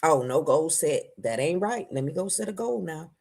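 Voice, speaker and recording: A woman hosting a casual livestream, greeting viewers by name, her voice jumping between loud bursts and low asides. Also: lively intonation, moderate pace, creaky. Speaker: livestream host.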